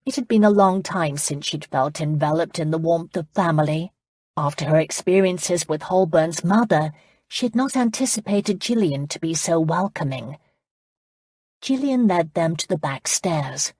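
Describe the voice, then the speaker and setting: A woman narrating an audiobook romance in a steady, even storytelling manner. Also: low voice, normal speed, no room sound, studio quality.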